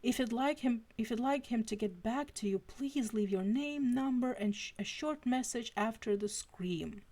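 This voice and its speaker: A woman voicing a taunting British man who answers a phone with slow, exaggerated politeness, in a fanfiction reading. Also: fairly high pitch, mellow, voice pushed up, close to an everyday voice. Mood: mock polite.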